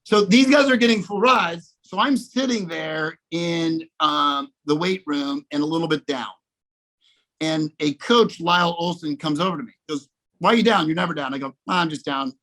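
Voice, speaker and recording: A man with a fairly high voice tells a casual story on a video call. He is animated, restarts his sentences and keeps checking in with his listeners. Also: normal speed, rough recording. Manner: animated, restarts often, repeats "okay?". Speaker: guest speaker in a sales coaching session.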